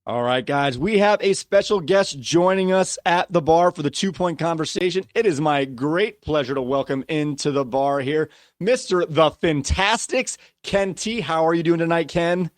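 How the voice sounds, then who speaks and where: A man's voice: on the high side, moderate pace, few pauses, no echo, clean studio sound. A man hosting a casual fantasy football podcast, ranting and laughing at himself as he runs through player stats. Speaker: podcast host.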